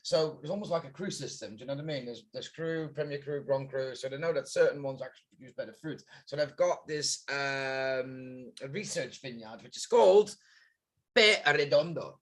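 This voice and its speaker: A man's voice: medium pitch, a little fast, few pauses, darkish tone. A man presenting wines on a live tasting stream, explaining with enthusiasm in rambling talk full of fillers. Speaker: wine presenter on a tasting livestream. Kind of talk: casual chat.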